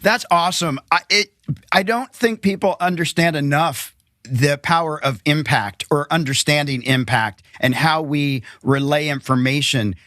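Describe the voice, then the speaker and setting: A man hosting a podcast, chatting casually and acting out quick quotes in a friendly way. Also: fairly high pitch, bright, forceful tone, no room sound, clean studio sound. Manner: friendly, talks in quick bursts with acted-out quotes. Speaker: podcast host. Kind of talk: casual interview chat.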